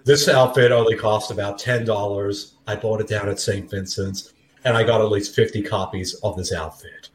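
A man putting on a deadpan impression of a famous male film actor, bragging absurdly with mock seriousness. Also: lowish voice, normal speed, a little hiss or hum, natural voice. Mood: mock-serious. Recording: roomy echo.

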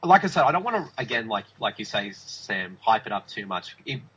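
A man's voice: fairly low pitch, very animated, fairly quick, a bit bright, slightly rough, poor audio. A man talking films in a casual review chat, enthusiastic and emphatic, often restarting his sentences. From Australia. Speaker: film review podcast host.

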